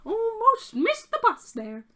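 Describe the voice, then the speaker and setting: A woman voicing a small, excitable, pompous male goblin with a squeaky voice, breathless and self-important. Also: slow pace, heavily acted. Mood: chirpy.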